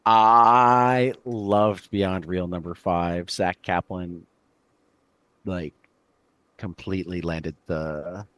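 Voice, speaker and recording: A man co-hosting a comics podcast in casual chat, relaxed and agreeable, often stumbling over his words. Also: sits low, drawn-out words, no echo, muffled recording. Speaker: podcast co-host.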